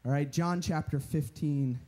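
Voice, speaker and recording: A young man giving a storytelling sermon at a retreat, animated and chatty with lots of filler words. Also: fairly high pitch, measured pace. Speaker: retreat speaker.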